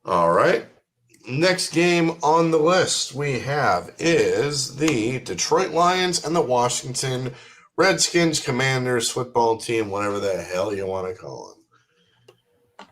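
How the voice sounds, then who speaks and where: A man hosts a casual football picks show at an unhurried pace. He steps through each game's odds, referee and ticket prices. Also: mid-range voice, expressive, a bit bright. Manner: unhurried, runs the segments by asking for referee, announcers and ticket prices. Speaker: podcast host. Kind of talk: casual sports pick'em show.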